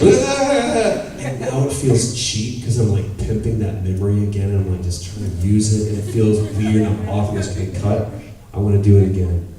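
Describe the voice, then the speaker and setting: A man in his thirties tells stories to a convention audience, open and animated, swearing and acting out what others said. His voice sits fairly low. The sound is taped from far back in a big, echoing hall. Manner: animated, candid storyteller who swears and acts out quotes. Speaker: convention panel guest. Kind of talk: audience Q&A storytelling.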